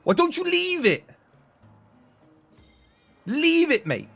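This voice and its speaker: A man's voice: extremely high pitch, wildly swooping pitch, slow, vocal fry, fairly bright tone, faint music behind, voice pushed up, exaggerated voice. A man putting on mock London street slang, playing a threatening, cocky young street tough with clipped, taunting lines.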